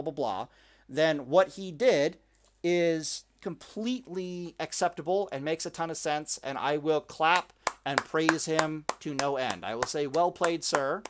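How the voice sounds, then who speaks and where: A man with a fairly high voice delivers a heated, profane rant as a gaming commentator. He talks in bursts, repeating words and breaking off mid-phrase. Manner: ranting, profane, repeats words and restarts often.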